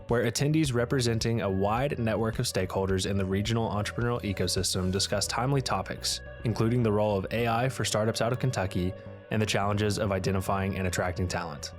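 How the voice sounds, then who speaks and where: Low guy rattling off a sponsor ad quick, light music under it. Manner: brisk, promotional. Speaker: sponsor announcer. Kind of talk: scripted ad read.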